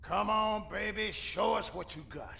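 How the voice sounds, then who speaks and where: An actor playing a gruff, alarmed older male army officer in a video game. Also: high voice, a little slow, sharp tone, slight background noise, heavily acted.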